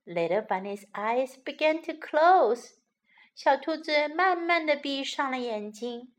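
A woman reading a bilingual children's bedtime story aloud, slow and soothing. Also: high voice, lively intonation.

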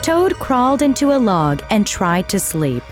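A woman narrating a children's storybook slowly and clearly, in a deliberate, expressive way. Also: mid-range voice, faint music behind.

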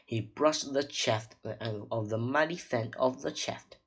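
A reader slowly reading a children's chapter book aloud, stumbling over words now and then. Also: mid-range voice, vocal fry, a bit bright, low-quality recording. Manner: slow, halting reading with slips.

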